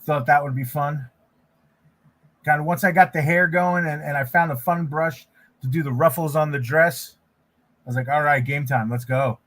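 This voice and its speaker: Relaxed rambling male streamer. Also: on the high side, normal speed, pauses often. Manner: rambling, relaxed, frequent restarts. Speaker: livestream host, artist. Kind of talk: casual livestream chat while drawing.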